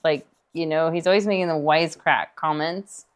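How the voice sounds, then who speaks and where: A woman's voice: sits low, steady tone, normal speed, clean tone. A woman co-hosting a painting livestream, chatting casually with frequent laughs and rambling asides. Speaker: co-host painting along.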